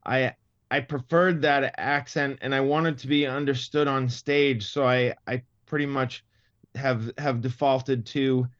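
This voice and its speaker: A man's voice: mid-range voice, steady tone, unhurried, fairly bright tone, no echo, highs cut off. Thoughtful stammering man in his fifties. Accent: neutral Midwestern-style American. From Massachusetts. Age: 50s. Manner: thoughtful, frequent stammering restarts. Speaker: comedian guest. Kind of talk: interview conversation.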